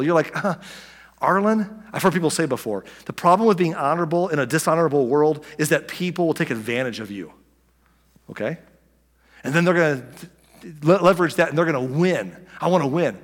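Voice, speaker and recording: Conversational male pastor in a reverberant hall. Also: on the high side. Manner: conversational preaching with many asides and restarts. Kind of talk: sermon.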